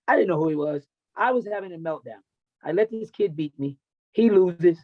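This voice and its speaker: A man's voice: high voice, normal speed, narrow, tinny audio. A middle-aged man and coach, telling his life story bluntly and emotionally on a podcast, with plenty of swearing. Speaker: podcast guest, wrestling and MMA coach. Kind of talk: candid personal storytelling.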